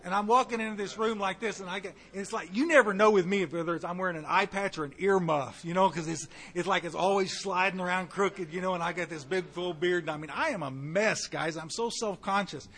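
A middle-aged man, giving a folksy personal testimony to a recovery meeting, with asides to the audience and bursts of animated volume. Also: sits high, quick pace, hardly any pauses. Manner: shifts between quiet and loud animated bursts.

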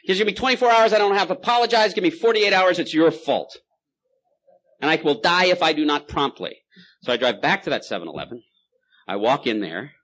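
A man's voice: a little high, expressive, fairly quick, fairly bright tone. A man giving a personal testimony at a recovery meeting, telling his story in punchy bursts with repeated phrases.

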